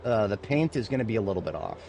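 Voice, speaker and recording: Over a noisy background of game music and sounds, a man with a gravelly, fairly low voice talks fast with lively intonation. He casually narrates his own gameplay let's-play style, muttering under his breath, cursing often, and swinging between quiet mumbles and furious shouts.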